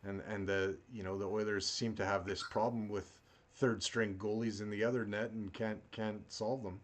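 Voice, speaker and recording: Low-voiced guy hosting a hockey podcast, halting and loose. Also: flat delivery. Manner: halting, lots of fillers and restarts. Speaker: podcast host. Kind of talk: casual podcast chat.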